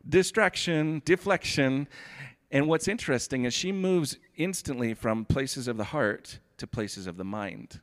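A pastor delivers a sermon in a mid-range, unhurried voice. He reads scripture steadily, then unpacks it in a relaxed, chatty way, saying "like" a lot.

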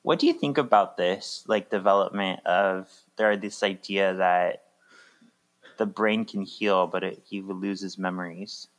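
A man's voice: deep voice, measured pace. A man co-hosting a casual movie podcast, chatting and reading plot recaps aloud, laughing often. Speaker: podcast co-host.

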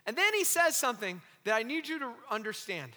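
A male pastor preaching an impassioned sermon, swinging from loud cries down to hushed, intense lines and acting out the voices he quotes. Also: extremely high pitch, very animated, a little fast, long reverb tail.

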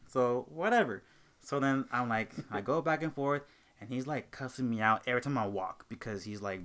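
A man's voice: medium pitch, fairly quick, clear, resonant tone. Young man ranting about a job. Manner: animated, acts out both sides of arguments. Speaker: host. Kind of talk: casual storytelling rant.

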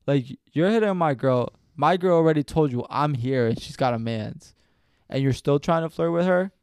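A young man co-hosting a podcast, talking in animated casual chat with lots of swearing and laughter. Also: a little high, moderate pace, clear, resonant tone, no echo, studio quality. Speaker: podcast co-host.

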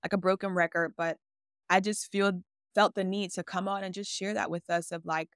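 A woman's voice: on the low side, fairly even intonation, moderate pace, no echo, studio quality. A woman hosting a faith podcast, speaking casually and expressively and acting out her own quoted words. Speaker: podcast host.

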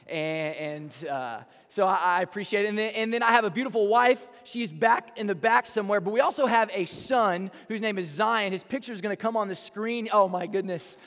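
A man's voice: sits high, a bit bright. A young man from Texas with a Texan accent, preaching a chatty, earnest sermon as a campus pastor, often restarting his phrases. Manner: earnest and chatty, with many false starts and repeated words. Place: large hall. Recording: live hall with long reverb.

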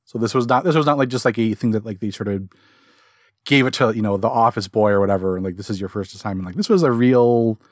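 A man's voice: on the low side, fast talker, no echo, clean studio sound. A man co-hosting a comic book podcast, chatting casually and rambling with many fillers and restarts. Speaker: podcast co-host. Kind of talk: casual chat.

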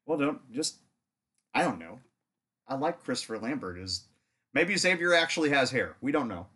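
A man's voice: mid-range voice, very animated, moderate pace, sharp tone, slightly rough. A man co-hosting a podcast, joking around and swearing freely in casual chat.

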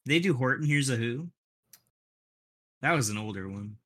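A man in a casual podcast chat whose voice has a bright, pointed edge. He speaks bluntly and tosses in dry one-liners. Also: mid-range voice, lively intonation, moderate pace. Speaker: podcast co-host.

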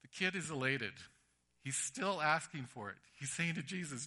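A man's voice: a little high, moderate pace. A man preaching a sermon, telling stories animatedly and acting out the voices. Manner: animated storytelling with acted-out voices.

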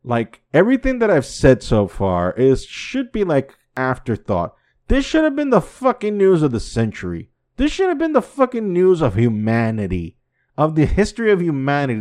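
Profane podcast host with lively swings. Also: male voice, moderate pace. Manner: swings from low muttering to loud incredulous outbursts; swears constantly, repeats himself. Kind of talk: profane casual commentary.

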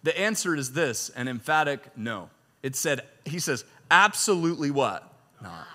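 Male pastor, sermon delivery, animated and bright, reads scripture with force, laughs between points. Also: fairly high pitch, a little slow, big-room sound. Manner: animated preaching, reads scripture loudly, jokes and chuckles.

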